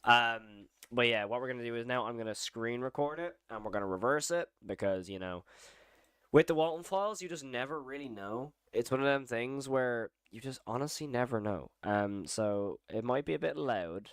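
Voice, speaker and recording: A man's voice: medium pitch, normal speed, a bit bright, clear, resonant tone, no room sound, studio quality. A man hosting a casual live horror reaction stream, thinking aloud, rambling and repeating phrases as he goes. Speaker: horror channel host.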